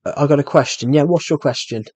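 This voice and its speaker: A man's voice: on the high side, fast talker, warm tone, no room sound. A young British man giving casual, rambling gameplay commentary as he answers live chat, self-deprecating and full of restarts. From Britain. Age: young adult. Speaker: gaming streamer. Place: room at home.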